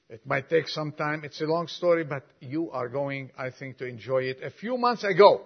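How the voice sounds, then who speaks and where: An older man preaching a sermon and reading a long story aloud, with folksy asides to the congregation. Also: fairly high pitch. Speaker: pastor. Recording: dull lo-fi recording.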